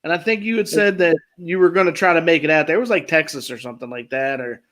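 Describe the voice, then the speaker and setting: A man with a Maryland accent chats casually on a podcast, his voice sitting a touch higher than most men's. He tells his stories slowly, stretching out pauses and letting his sentences trail off quietly. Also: rough recording. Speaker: podcast host. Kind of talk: casual chat.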